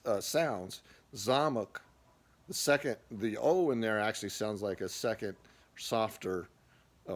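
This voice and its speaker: A man. He speaks slowly and relaxed, pausing on filler words as he explains. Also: on the low side. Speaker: language teacher. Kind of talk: casual spoken lesson.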